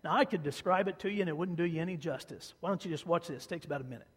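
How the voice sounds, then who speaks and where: A man's voice: a little high, very fast, slightly rough, in a large hall. A man from Kansas, a pastor, preaching a sermon in a conversational storytelling way, repeating phrases for emphasis.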